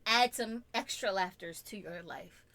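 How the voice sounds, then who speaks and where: A woman co-hosting a casual podcast chat, playful and teasing, quick to giggle. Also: medium pitch, gravelly, pushed and bright. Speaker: podcast co-host.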